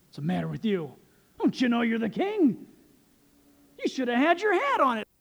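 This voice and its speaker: A man doing a sneering royal wife, scolding, half-whispered, high male-pitched preacher voice. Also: fast talker, creaky, warm tone, breathy edge, heavily acted. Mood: scornful. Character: scornful royal wife scolding her husband.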